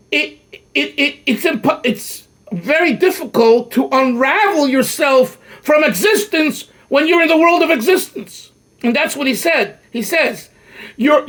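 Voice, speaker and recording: High-voiced older rabbi teaching with emphasis. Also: male voice. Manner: animated, emphatic, frequent restarts. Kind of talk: Torah lecture.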